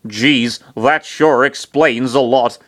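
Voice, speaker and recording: A man reading aloud as an excitable young gamer hero who speaks slowly and earnestly, at times sarcastic. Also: mid-range voice. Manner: slow, earnest, a bit sarcastic.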